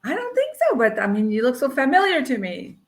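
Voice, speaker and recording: A woman's voice: high-pitched, very animated, a little fast. A woman from Montreal, a casting director, chatting as an interview guest in a friendly, easygoing way. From Montreal, Canada. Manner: friendly, easygoing, laughs lightly. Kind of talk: casual interview over video call.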